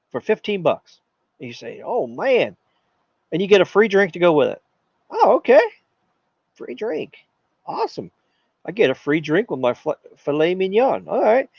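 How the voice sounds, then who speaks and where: Animated man hosting a tech stream. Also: sits high, no room sound, lo-fi sound. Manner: animated, jokey, puts on silly voices. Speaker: tech channel host. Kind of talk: live stream Q&A talk.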